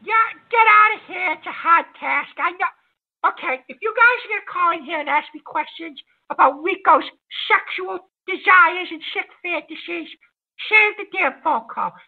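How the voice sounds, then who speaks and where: A man doing a very high, flustered talk host. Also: gravelly. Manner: flustered, stammering, quick to rage. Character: high-voiced, hot-tempered male call-in show host. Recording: lo-fi phone-like sound.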